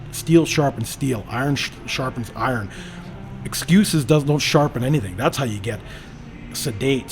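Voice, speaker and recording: A man's voice: mid-range voice, noisy background. A man hosting a podcast in casual chat, talking about training with emphatic, profane motivational energy. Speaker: podcast host.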